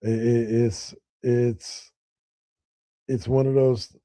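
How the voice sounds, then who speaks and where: Male podcast host, mellow low-bright tone, rambling, excitable sports chatter. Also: very slow, no echo. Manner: animated, rambling, excitable with frequent restarts. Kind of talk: casual sports podcast talk.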